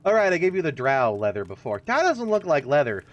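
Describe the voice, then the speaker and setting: A man's voice: fairly high pitch, very animated, fairly quick, highs cut off. A man streaming a video game, giving casual, rambling, jokey and self-mocking commentary as he plays. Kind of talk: casual let's-play commentary.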